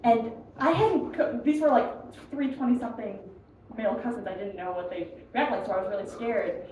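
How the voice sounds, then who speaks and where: A woman's voice: on the high side, a little fast, darkish tone. A young American woman doing a stand-up comedy set, self-deprecating and chatty, often laughing at her own jokes. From United States. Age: young adult. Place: comedy club room with a live audience. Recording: echoey room, mic heard from a distance, noisy.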